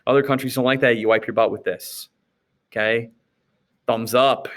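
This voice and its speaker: A man's voice: medium pitch, fairly even intonation, normal speed, pauses often, a bit bright. A man from the United States teaching a class in a casual, conversational way, often asking rhetorical questions and checking in with "okay?". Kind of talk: recorded classroom lecture recap.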